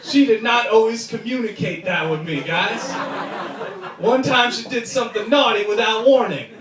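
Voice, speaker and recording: A man's voice: high voice, normal speed, distant mic, noisy background. A man doing a brash, crude stand-up comedy set in a comedy club before a live crowd. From United States. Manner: brash, crude, mocking punchlines with voiced asides. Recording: roomy club sound, loud crowd laughter.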